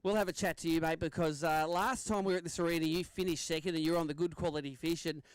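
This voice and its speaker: Male MC, upbeat banter, high smooth voice. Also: fairly even intonation, fast talker, no echo. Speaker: tournament weigh-in MC. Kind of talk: live event emceeing. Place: outdoor lakeside weigh-in stage.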